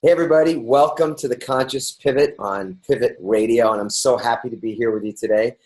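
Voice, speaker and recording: A man's voice: medium pitch, fairly even intonation, brisk, darkish tone, poor audio. A middle-aged man from New York hosting a podcast, talking in an upbeat, rambling way with many restarts and fillers. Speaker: podcast host. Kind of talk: casual interview chat.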